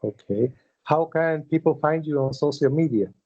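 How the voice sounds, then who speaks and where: Guy hosting, kinda dark mellow voice, dull flat-sounding audio, keeps saying you know. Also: a little high, moderate pace. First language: Spanish. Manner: friendly, repeats "you know", gives earnest advice. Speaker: wrestling interviewer, host. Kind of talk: casual interview.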